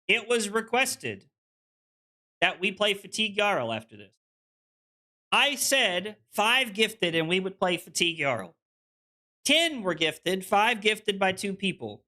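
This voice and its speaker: A man's voice: a little high, bright, forceful tone. A man streaming a card game, chatting casually with viewers and reading their messages aloud, with lots of fillers. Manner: chatty, full of "like" fillers, reads chat aloud.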